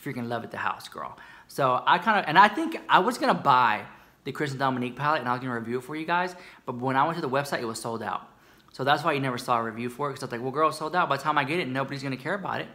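Racing along in a sharp, animated mid-range voice, an American man dishes on beauty news for his YouTube channel. The casual commentary is sassy and theatrical, and he keeps calling the viewer "girl."

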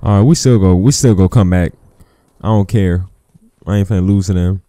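A man with a fairly low, mellow voice talks over his gameplay in a relaxed, chatty way. He drifts between plans and griping, and swears freely at teammates. The talk is loose and unscripted. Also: brisk, clean tone, no room sound. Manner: laid-back, chatty, profane trash talk at teammates. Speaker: gaming commentator. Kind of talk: casual gameplay commentary.

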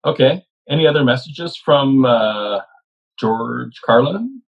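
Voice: mid-range voice, animated, slow, vocal fry, lo-fi sound. An interviewer asking questions in a casual, hesitant way.

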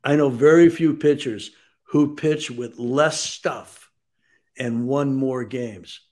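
Older man, measured storytelling. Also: mid-range voice, a little mellow. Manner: measured storyteller, frequent "um" and "you know". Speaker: baseball executive guest. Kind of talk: sports radio interview.

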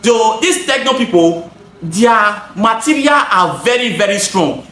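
Speaking unhurriedly in a high, expressive, fairly bright voice, a Nigerian-accented gutter installer and seller casually talks his products through on camera. The sound is reverberant, and his delivery is emphatic, repetitive, and slips into pidgin.

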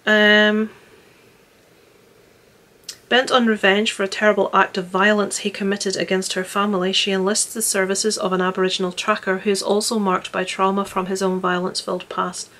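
A woman's voice: medium pitch, little pitch movement, moderate pace, a bit bright. A young woman chatting casually about films she watched, earnest and rambling with frequent restarts. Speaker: vlogger reviewing films. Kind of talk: casual film review chat.

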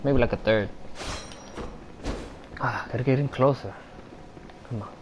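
A man giving excitable live commentary while playing a video game, talking to himself and his viewers and swearing when things go wrong. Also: medium pitch, a little slow, noisy background. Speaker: gamer.

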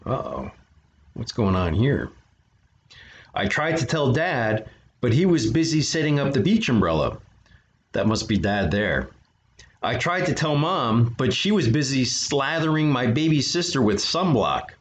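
A man's voice: mid-range voice, big pitch swings, measured pace. A man reading a children's picture book aloud as a storyteller, breaking off for chatty asides to his listeners. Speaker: storyteller for an art studio. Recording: dull lo-fi recording.

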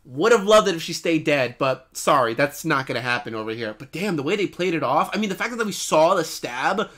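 Excitable man shouting at a cartoon. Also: a little high, fairly quick. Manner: excitable, shouting and laughing, then calmer musing. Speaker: reaction channel host. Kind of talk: cartoon reaction commentary.

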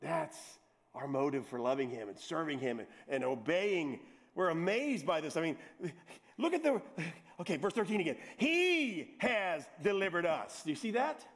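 A man's voice: on the high side, normal speed. A middle-aged man, a pastor preaching a sermon, teasing his congregation with joking asides and repeating words as he gets going. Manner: repeats words and restarts when excited.

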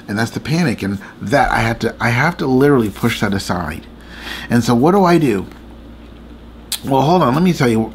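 Guy with a gravelly voice, earnest late night faith chat, faint hum behind. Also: on the low side. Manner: earnest, repetitive, confiding. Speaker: faith vlogger and co-host.

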